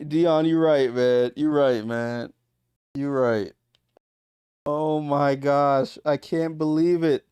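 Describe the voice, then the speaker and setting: A man hosting a livestream watchalong, calling a basketball game with exasperated, disbelieving commentary, swinging between loud outbursts and muttered asides. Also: on the high side, fairly even intonation, takes it slowly, clean tone, no echo.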